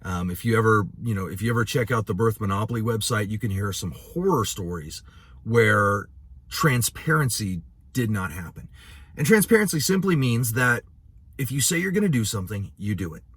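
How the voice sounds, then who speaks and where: A man's voice: fairly low pitch, animated, normal speed, fairly bright tone, breathy edge, dry recording. A male midwife giving an educational talk, telling a painful story from his work in an earnest, emotional way and often saying "you know". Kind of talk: educational talk with personal stories.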